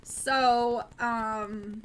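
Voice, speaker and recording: A woman's voice: a little high, steady tone, drawn-out words, smooth, rough recording. A young woman from the Midwest chatting casually on a late-night news livestream, rambling with plenty of ums and restarts. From American Midwest.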